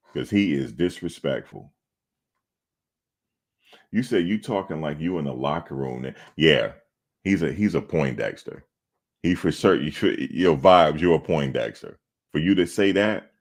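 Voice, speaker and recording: A man with an exceptionally deep voice hosts a sports talk show. He banters loosely with viewers in the chat, mocking them and repeating lines for laughs. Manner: trash-talking, mocking, repeats himself for laughs. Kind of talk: casual chat responding to live chat.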